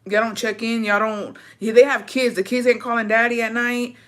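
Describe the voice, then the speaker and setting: A woman's voice: on the high side, flat delivery, normal speed. Young woman, host, casual gossip chat, profane, ranting, fires off questions.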